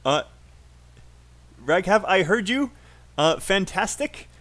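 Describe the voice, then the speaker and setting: A man's voice: high-pitched, lively intonation, slow pace, fairly bright tone. A man with a British accent teaching a live online IELTS class, patiently drilling sentences aloud and encouraging students.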